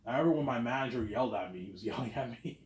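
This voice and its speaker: Man, 30s, casual rambling vlogger, mid pitch, filler-heavy, echoey room. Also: lively intonation, rapid-fire, darkish tone. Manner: repeats "obviously" and "man", chatty and self-assured. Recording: roomy echo.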